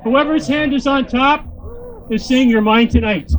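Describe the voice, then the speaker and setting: A man's voice: very high-pitched, a little slow, very noisy. A man, a motivational speaker and corporate trainer, giving a joking, crude, rousing speech to a crowd into a handheld microphone.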